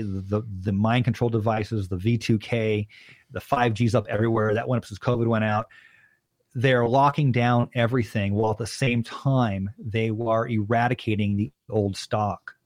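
A man's voice: on the low side, darkish tone, no echo. A man in his thirties from Arizona, a podcast guest telling long rambling stories and acting out the people he quotes. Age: 30s. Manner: rambling, acts out quoted voices. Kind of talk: casual storytelling conversation.

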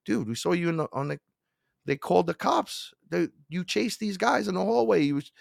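A man's voice: high voice, lively intonation, normal speed, vocal fry, no room sound, clean studio sound, voice pushed up, full character voice. A man playing a concerned male police officer who talks informally and urgently.

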